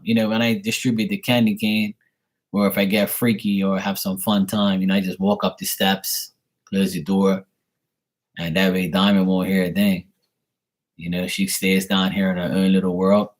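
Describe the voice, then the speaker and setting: A low-pitched man hosts a casual livestream, cracking crude, streetwise jokes before moving on to psychic readings for his viewers. He often trails off into hushed asides.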